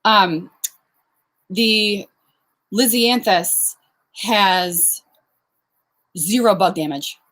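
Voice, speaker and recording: A young woman talks casually to her viewers on a live stream, answering questions one after another. She is chatty and unscripted, with plenty of fillers and little laughs. Her voice sits at an ordinary middle pitch. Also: very slow, pauses often, a bit bright. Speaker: flower farmer hosting a live Q&A. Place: outdoors on a farm.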